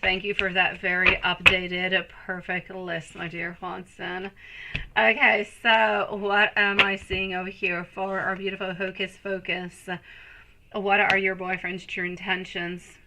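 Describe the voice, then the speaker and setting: A woman's voice: lowish voice, flat delivery, unhurried, background noise. A woman giving a live-streamed tarot reading, talking in an affectionate, soothing way and calling her viewers pet names. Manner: soothing, reassuring. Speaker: tarot reader.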